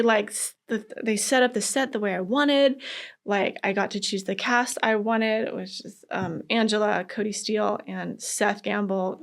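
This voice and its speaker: A woman guest in a casual interview, telling animated stories, acting out quotes, laughing often. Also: medium pitch, gravelly.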